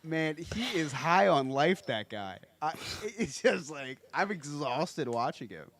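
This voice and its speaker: A man's voice: fairly high pitch, lively intonation, a little slow, fairly bright tone. A man co-hosting a casual podcast chat, joking and laughing often as he rambles with frequent restarts. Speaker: podcast co-host.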